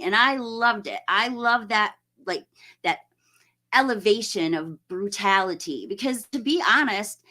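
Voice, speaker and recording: A woman's voice: on the high side, pushed and bright. A woman hosting a casual live stream, chatting and greeting viewers by name, laughing often.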